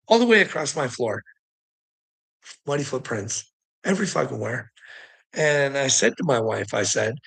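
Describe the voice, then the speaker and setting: Man, livestream rant, swearing a lot, rambling, exasperated, mid-pitched voice, talking to viewers. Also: vocal fry, a bit bright, breathy edge, low-quality recording. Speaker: streamer ranting to viewers.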